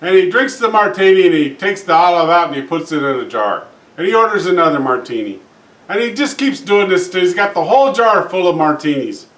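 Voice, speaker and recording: A man telling jokes in a casual, folksy way, with lots of "uh" fillers, acting out characters in higher voices. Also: expressive, brisk, a bit bright. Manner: folksy, frequent "uh" fillers, acts out characters with raised pitch. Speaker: joke teller. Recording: roomy echo, distant from mic.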